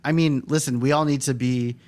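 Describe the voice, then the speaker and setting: A man's voice: medium pitch, fairly even intonation, brisk, a little mellow. A man who does stand-up comedy, talking in an earnest, reflective way in a casual studio podcast chat.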